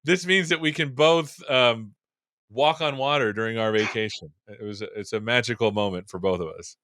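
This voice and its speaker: A man's voice: medium pitch, moderate pace, pushed and bright. A man hosting a casual tech show, upbeat and joking, chatting with fillers. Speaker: show host. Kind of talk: casual tech interview chat.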